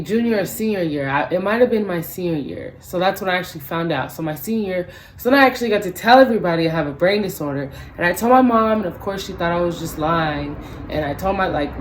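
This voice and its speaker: A woman in her twenties telling a story in a ranting vlog, animated and profane, acting out both sides of the conversation. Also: lowish voice, fast, hardly any pauses, a little hiss or hum, rough recording. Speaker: vlogger.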